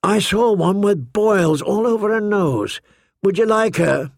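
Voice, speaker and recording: A man's voice: high-pitched, unhurried, gravelly, no echo, clean studio sound, voice pushed up. A man voicing a cocky, blunt male sellsword in a storybook reading. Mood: mocking. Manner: mocking, blunt.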